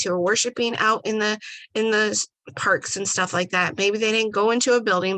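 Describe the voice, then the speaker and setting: Bright earnest woman vlog host. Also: medium pitch, no echo, poor audio. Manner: earnest, conversational, a bit rambling. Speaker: show host. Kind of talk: casual commentary vlog.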